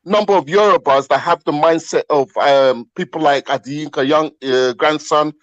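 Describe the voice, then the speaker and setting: A man's voice: fairly high pitch, moderate pace, no echo, dull audio. A man calling in to a talk show, pressing his point and repeating his questions. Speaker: caller.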